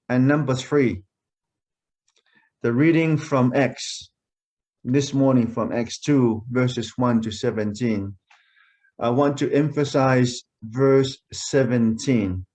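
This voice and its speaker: A male pastor delivers a sermon at an unhurried, measured pace. His pitch sits in an ordinary middle range. He stresses key phrases and repeats them for emphasis. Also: steady tone, darkish tone. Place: church.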